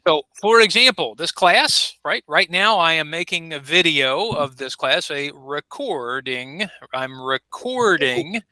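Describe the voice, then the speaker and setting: A man's voice: fairly high pitch, animated, unhurried, hardly any pauses, pushed and bright, no echo, low-quality recording. A man teaching an online English class, patiently repeating words and modeling pronunciation on a video call. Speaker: ESL teacher. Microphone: computer mic on a video call.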